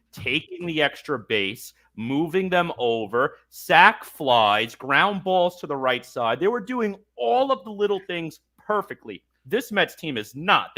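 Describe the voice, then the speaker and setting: A man hosting a sports talk show launches into a heated rant about his team, sounding fired up and exasperated and mocking people's quotes. His voice is slightly high with a sharp tone.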